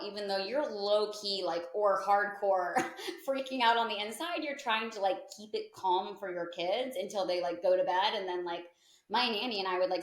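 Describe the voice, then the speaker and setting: A woman in her thirties chats her way through a story as a podcast guest. She fills her talk with "like" and jumps into quoted voices. Her voice sits in a middle pitch and carries an echoey room sound. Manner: chatty, peppered with "like" and lively quoted asides. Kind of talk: casual storytelling in an interview.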